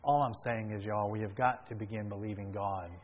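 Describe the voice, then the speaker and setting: A man preaching a sermon and retelling a story, swinging between hushed and emphatic delivery. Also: fairly low pitch, fairly even intonation, fairly quick, phone-quality sound.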